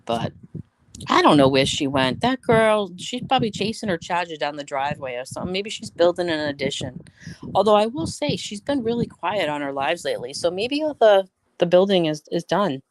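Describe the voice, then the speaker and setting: Her voice is fairly low, very animated and brisk, with a slight hiss or hum in the audio. She hosts a casual live stream, addressing viewers directly and venting through blunt, chatty stories laced with plenty of swearing.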